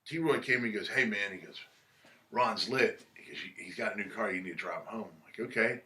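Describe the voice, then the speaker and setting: Man, casual interview guest, laid-back storyteller, swears a lot, bright edgy voice. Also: fairly low pitch, a little fast. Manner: laid-back, swears freely, acts out quotes. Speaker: musician guest. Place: record shop.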